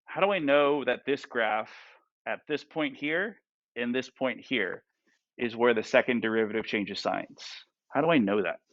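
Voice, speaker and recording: A man's voice: mid-range voice, unhurried, no room sound, muffled recording. A male math teacher lecturing a class. He asks the students lots of questions and keeps checking in with "right?" and "okay?".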